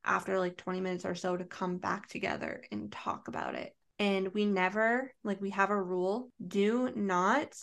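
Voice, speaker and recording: A woman's voice: mid-range voice, steady tone, moderate pace, gravelly, hardly any pauses, a bit bright. A woman co-hosting a podcast who reads out listener questions and chats earnestly. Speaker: podcast co-host. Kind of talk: casual chat.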